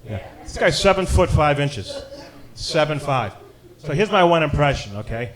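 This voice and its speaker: A man's voice: on the high side, lively intonation, normal speed. A middle-aged man doing a stand-up set, punchy and wisecracking, with lots of "you know". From Boston area. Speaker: stand-up comedian. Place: comedy club stage with a live audience. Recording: live club recording, loud crowd. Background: audience laughter.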